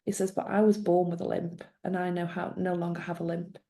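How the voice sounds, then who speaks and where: A woman's voice: lowish voice, little pitch movement, a little fast, creaky, mellow. A middle-aged woman, a guest telling her story in conversation and acting out the dialogue she quotes. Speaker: guest, former social worker.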